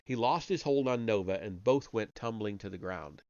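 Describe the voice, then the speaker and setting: A man with a fairly low, darkish voice reads a story aloud on a live stream at a normal speed, giving the characters' dialogue only light voicing. He sometimes stumbles and restarts his lines. The dull, lo-fi home mic picks up no room sound.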